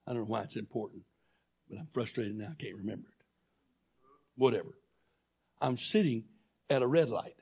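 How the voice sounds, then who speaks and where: A man preaching a sermon, telling a personal story that swings from quiet, low talk to loud, shouting intensity. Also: creaky, breathy edge, lo-fi sound.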